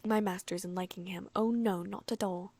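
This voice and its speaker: A woman's voice: medium pitch, steady tone, normal speed, darkish tone, no echo, lightly acted. A woman reading an audiobook, voicing a tearful, fiercely loyal female house elf who speaks in broken grammar. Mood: tearful, indignant. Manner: broken grammar, sobbing and indignant. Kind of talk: audiobook character voice.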